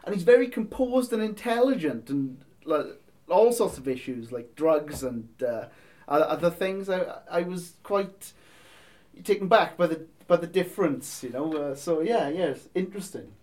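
Brief: male guest, chatty and meandering, a touch high in pitch. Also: lively intonation, moderate pace, a little mellow. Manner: rambling, many restarts and fillers. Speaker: band member guest. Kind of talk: casual interview chat.

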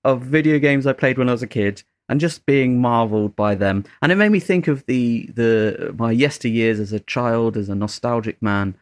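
A man's voice: mid-range voice, moderate pace, few pauses, dry recording. Guy rambling on a chill podcast, mid voice, corrects himself a lot, dry close mic. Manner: rambling, self-correcting, chatty. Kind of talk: casual chat.

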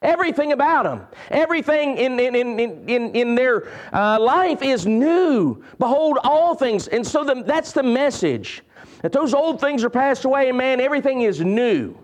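A man preaching a sermon to his church as pastor, emphatic and repetitive, swinging between soaring lines and sudden quiet drops. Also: very high-pitched, lively intonation, measured pace.

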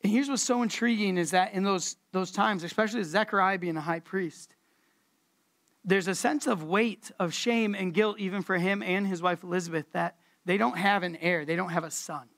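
A woman preacher giving a casual, conversational sermon, relaxed and slangy, repeating words for emphasis. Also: medium pitch, normal speed.

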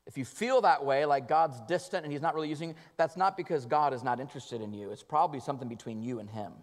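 A male pastor delivering an earnest sermon, moving between loud emphatic lines and soft, hushed passages. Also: mid-range voice, fast. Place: church sanctuary. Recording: long reverb of a church hall.

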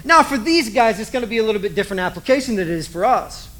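A man's voice: sits high, expressive, rapid-fire, pushed and bright, low-quality recording. A man preaching a sermon as a pastor, talking animatedly and acting out little asides.

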